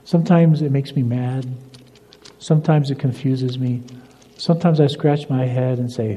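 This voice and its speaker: An older man preaching a sermon as pastor, telling stories and moving between emphatic lines and soft, confiding ones. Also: medium pitch, steady tone, moderate pace. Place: church sanctuary. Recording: dull lo-fi recording in a reverberant church hall.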